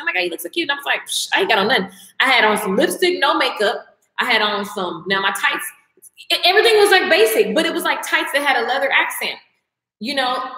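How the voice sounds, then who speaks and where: A woman from the American South, a makeup and mindset coach, chats casually on a livestream and speaks directly to her viewers. Her voice is high-pitched and sharp, and the sound is reverberant.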